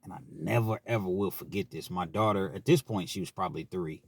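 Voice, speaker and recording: A man's voice: sits low, fairly quick, darkish tone, slightly rough, dry recording. A man in his forties telling an earnest, rambling personal story with frequent restarts. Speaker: vlogger.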